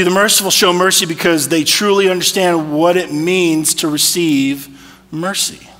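A man preaching in a high, bright voice, keeping it conversational and tossing in rhetorical questions. His sermon carries a long reverb from the church hall. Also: steady tone, moderate pace. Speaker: pastor. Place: church sanctuary.

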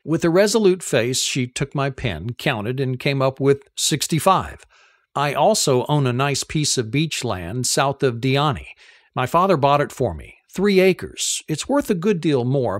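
Male audiobook narrator, first-person read, animated intonation, close dry sound. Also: mid-range voice, no echo.

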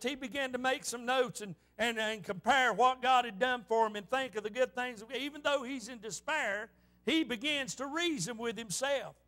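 High-voiced man preaching with fervor. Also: sharp tone. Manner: impassioned preaching with frequent amens. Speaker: pastor. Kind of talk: fervent sermon. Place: church.

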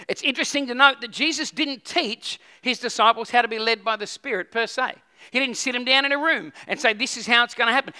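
A male pastor with a very high, strikingly bright and forceful voice delivers a sermon. He talks to the congregation conversationally, stumbling into restarts and tossing them questions. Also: clean tone.

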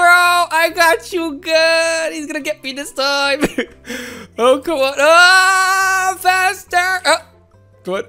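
A woman hosting a gaming channel, giving excitable, playful let's-play commentary with frequent laughs and shouts. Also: extremely high pitch, slow, soft background music.

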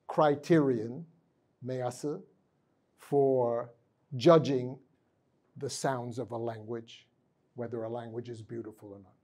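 A man's voice: medium pitch, dark tone. A man from the United States giving a university lecture in a large conference room, putting questions to the audience and mixing Japanese phrases into his English. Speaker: guest lecturer.

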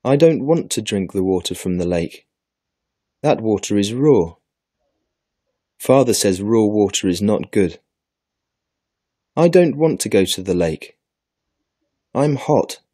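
A man's voice: lowish voice, lively intonation, takes it slowly, pauses often, warm tone, husky, no room sound, studio quality, full character voice. A man voicing a thirsty little girl who pouts and complains. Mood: whiny. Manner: pouting, complaining.

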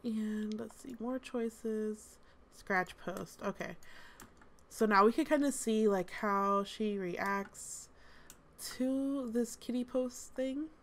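A woman's voice: fairly high pitch, takes it slowly. A woman host giving casual, amused gameplay commentary, chatty with lots of fillers. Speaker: gaming channel host.

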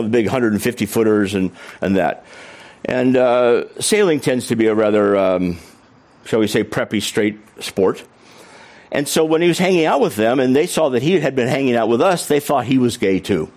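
Lively, animated male storyteller. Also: medium pitch. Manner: animated, humorous storyteller acting out quoted voices. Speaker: author and speaker. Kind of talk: storytelling talk to an audience.

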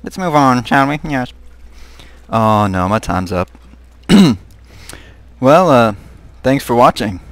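A young man giving live commentary on a horror game, muttering to himself and breaking into high, panicked shrieks. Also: no room sound. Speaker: gaming video host.

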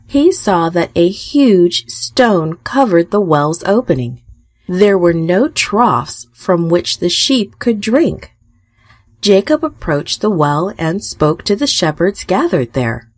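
A woman telling a Bible story for children in a gentle, expressive reading. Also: lowish voice, dry recording, studio quality. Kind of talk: scripted narration for children.

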